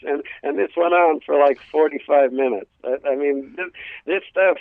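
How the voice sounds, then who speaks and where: A stand-up comedian from New York City with a New York accent, telling family stories in a casual interview, full of restarts and acted bits. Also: male voice, on the high side, moderate pace, creaky, no echo. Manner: storytelling with acted family voices, many restarts. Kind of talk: casual radio interview chat. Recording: tinny phone line.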